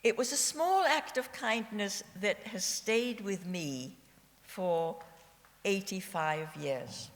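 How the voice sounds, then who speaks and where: A woman in her nineties from Austria, a Holocaust survivor giving her personal testimony at a civic memorial event, telling her story in a slow, measured way with gentle irony. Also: mid-range voice, animated. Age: 90s. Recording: long hall reverb.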